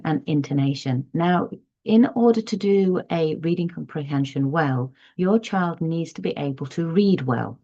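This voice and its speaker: A woman's voice: deep voice, mellow, highs cut off. A woman teaching parents in an online lesson, patient and explanatory, stressing key terms as she goes. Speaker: parent tutor.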